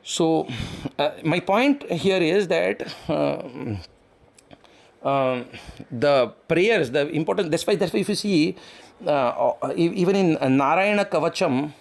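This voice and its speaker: A man's voice: a little high, lively intonation, a little slow, creaky. A man giving an explanatory devotional talk, acting out quoted prayers and using frequent fillers. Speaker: spiritual teacher.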